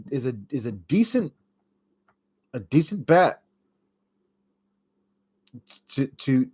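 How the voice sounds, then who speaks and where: A young man hosting a podcast, giving a casual, sarcastic wrestling recap and mocking the wrestlers as he goes. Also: medium pitch. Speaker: podcast host.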